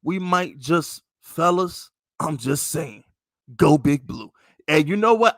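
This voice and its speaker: Podcast host, a New York man with a high voice, emphatic and heated, delivered dry with no room echo. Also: expressive, slow pace, fairly bright tone. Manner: heated, profane, emphatic venting. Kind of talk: casual sports podcast rant.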